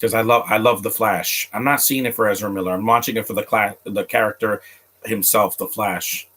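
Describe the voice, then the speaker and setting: Man, casual streamer, rambling, talks straight to viewers, lowish pitch, forceful bright tone. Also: steady tone, a little fast. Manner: rambling, stumbles and restarts often; chats directly to viewers. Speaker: streamer reacting to a film. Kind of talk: casual live commentary.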